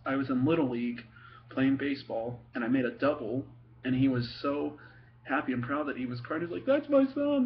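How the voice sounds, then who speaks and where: A man's voice: medium pitch, gravelly, lo-fi sound, a little hiss or hum. Giggly young man telling family stories. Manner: giggly, laughs through his stories; halting, many ums and restarts. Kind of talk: casual storytelling to camera.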